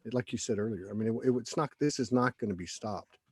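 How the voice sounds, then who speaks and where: A man's voice: on the low side, fast talker, a little mellow, breathy edge. Guy hosting a spiritual talk show, rambly and chatty, dry sound no room echo. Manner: chatty storyteller, rambling with restarts. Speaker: host. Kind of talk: casual conversational interview.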